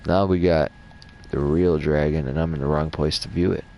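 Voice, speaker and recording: A man with a very low, deep voice gives loose, rambling lore commentary over gameplay. He swears constantly and talks in a relaxed, off-the-cuff way. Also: normal speed, gravelly, a little hiss or hum. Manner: casual, rambling, heavy swearing. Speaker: gaming channel host.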